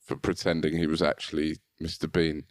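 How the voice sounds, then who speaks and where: A man co-hosting a podcast, chatting in a relaxed way with quick asides and laughs. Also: rumbling low, no room sound, studio quality. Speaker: podcast co-host. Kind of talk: casual banter.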